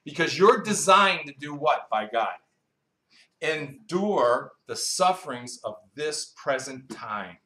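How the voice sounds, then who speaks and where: A man's voice: a little high, expressive, slow, bright, forceful tone. A male preacher teaching a Bible sermon in a conversational way, quizzing the congregation with questions he often answers himself. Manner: conversational, with asides and storytelling. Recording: roomy echo.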